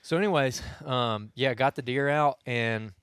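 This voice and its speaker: A man's voice: medium pitch, a little slow, fairly bright tone, smooth, no room sound, studio quality. A young man, co-hosting a casual podcast and telling a long story full of restarts and asides. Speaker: podcast co-host. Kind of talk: casual hunting podcast chat.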